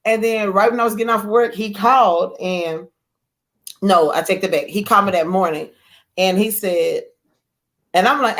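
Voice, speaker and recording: A woman telling a marriage story in relaxed conversation, with a voice that sits at a middle pitch. She brings the tale to life with quoted lines in other voices. Her delivery is loose and animated. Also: moderate pace. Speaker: guest author. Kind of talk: casual storytelling chat.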